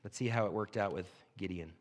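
A man's voice: low-pitched, quick pace. A man preaching a sermon, reading scripture aloud and then explaining it in a plain, conversational way. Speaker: pastor.

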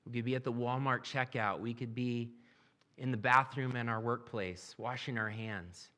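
A man's voice: mid-range voice, fairly even intonation, normal speed, pushed and bright. A man preaching a sermon, reading scripture aloud and then explaining it in a plain, conversational way. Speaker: pastor.

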